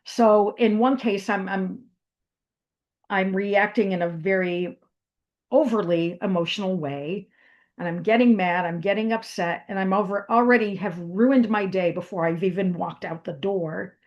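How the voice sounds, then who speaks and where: Woman giving a meditation talk, slow and thoughtful, lots of ums and restarts. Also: mid-range voice, highs cut off. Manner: slow, reflective, with fillers and restarts. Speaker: meditation teacher. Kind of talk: spoken wellness talk.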